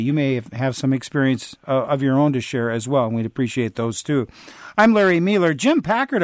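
A man hosting a public radio call-in show, measured and gentle, with some hesitant fillers. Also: a little high, no echo, studio quality. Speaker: radio host.

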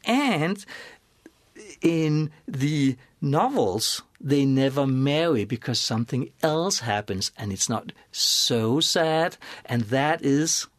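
A man, a scholar and author, explaining at length in a lively, storytelling way, with many restarts and asides. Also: medium pitch, slow, dry recording. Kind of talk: conversational expert explanation.

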